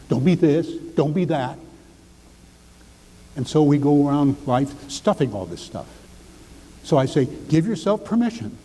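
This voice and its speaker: An older man giving a seminar talk, animated and acting out the lines he quotes. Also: medium pitch, long reverb tail, slight background noise, rough recording. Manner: animated, acts out quotes, drops to near whisper for demonstration. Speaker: speaker.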